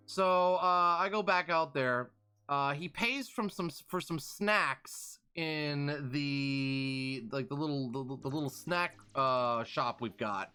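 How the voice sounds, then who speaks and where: A man's voice: a little high, slow, smooth. Man, live streamer, casual rambling storytelling, faint music underneath. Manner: animated, rambling, full of restarts and fillers.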